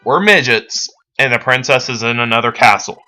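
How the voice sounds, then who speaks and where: A man's voice: medium pitch, lively intonation, moderate pace, pushed and bright, faint music behind, voice pushed up. A teen guy mocking chirpy little mushroom folk. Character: grateful mushroom-people retainers, small and chirpy. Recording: dull lo-fi sound.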